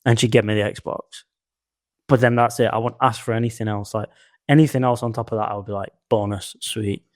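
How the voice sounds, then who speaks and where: A man's voice: fairly low pitch, fairly even intonation, fairly quick, dry recording, clean studio sound. A man co-hosting a podcast, telling stories in a laid-back, casual chat and swearing freely. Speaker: podcast co-host.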